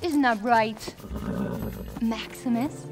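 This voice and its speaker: An actress voicing a kind young princess who coaxes and sweet-talks a horse in an animated film. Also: female voice, a little high, slow pace, over loud music. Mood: coaxing. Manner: sweet, coaxing.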